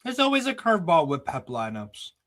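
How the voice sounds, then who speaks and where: A man's voice: on the high side, wildly swooping pitch, brisk, a bit bright. A man hosting a casual streamed football chat in a laid-back, easygoing way. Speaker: host.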